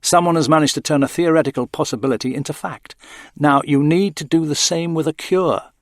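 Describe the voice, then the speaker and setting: A man voicing a cold, stony-faced male technician in an audio story, measured and detached. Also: fairly high pitch, no room sound, studio quality, pitched above the performer's own voice, lightly acted.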